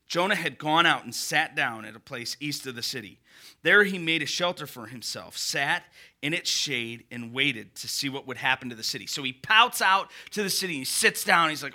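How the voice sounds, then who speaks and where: A male pastor preaching a sermon in an animated, conversational way with rising emphasis. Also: high-pitched, moderate pace.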